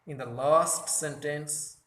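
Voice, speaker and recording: A man teaching a grammar lesson from slides, speaking deliberately and correcting his own slips. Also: on the high side, fairly even intonation, a bit bright, echoey room. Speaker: English teacher.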